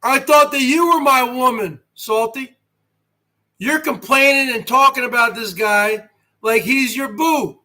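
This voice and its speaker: A very high-pitched man with a bright, sharp voice holds forth on his live stream in slow, drawn-out phrases. He boasts with wrestling-promo bravado and keeps throwing rhetorical questions at his viewers. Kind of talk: rambling live-stream chat.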